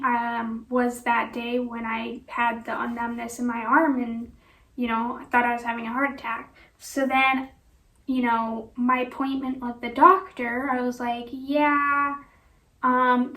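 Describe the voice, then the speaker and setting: This vlogger has a high, fairly bright voice as she wanders through a personal anecdote, peppering it with "like" and "you know." The recording catches her from a distance in a room full of echo.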